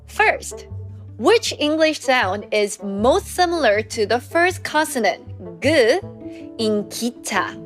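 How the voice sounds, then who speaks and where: Lively slow-paced woman teaching Korean. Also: fairly high pitch, soft background music. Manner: slow, clear teaching with repeated drills. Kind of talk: scripted language lesson.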